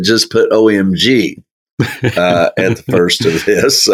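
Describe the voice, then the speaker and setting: A man leading a verse-by-verse Bible study, speaking in a slow, folksy way with chuckling asides. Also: lowish voice. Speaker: Bible teacher.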